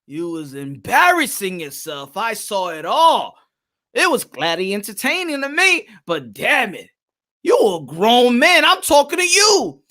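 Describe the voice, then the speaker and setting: A man's voice: extremely high pitch, sharp tone. A man delivering heated, profane vlog commentary on boxing.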